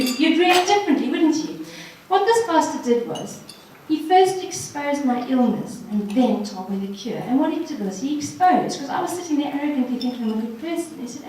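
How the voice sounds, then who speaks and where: A woman's voice: sits high, lively intonation, a little fast, hardly any pauses, a little mellow, a little hiss or hum. Woman guest speaker, earnest and encouraging; roomy hall sound, distant mic. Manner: earnest, encouraging, addresses audience directly. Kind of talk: personal testimony talk. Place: hall at a ladies' social evening. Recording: echoey room from far off.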